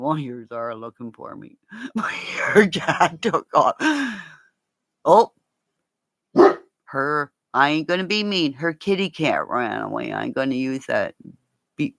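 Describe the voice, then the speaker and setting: A woman with a gravelly, fry-heavy voice that swings widely in pitch, rambling and cursing her way through a casual chat. She talks slowly and keeps turning aside to speak to her pets. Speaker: vlogger.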